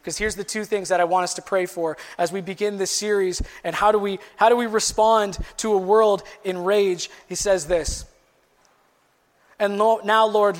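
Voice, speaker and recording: A man's voice: high voice, long reverb tail. A man, preaching as a pastor and building to emphatic passages. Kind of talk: sermon.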